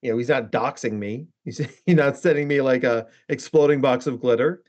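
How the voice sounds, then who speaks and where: A man's voice: medium pitch, moderate pace. A man who is a guest therapist on a podcast, telling long rambling stories in a casual chat, swearing freely and saying "like" and "right?" a lot.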